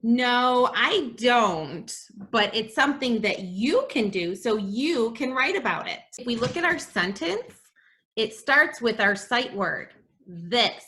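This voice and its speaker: A woman teacher giving a reading lesson to young children, sounding out letters slowly and gasping in delight. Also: fairly high pitch, sing-song, sharp tone. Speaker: kindergarten teacher.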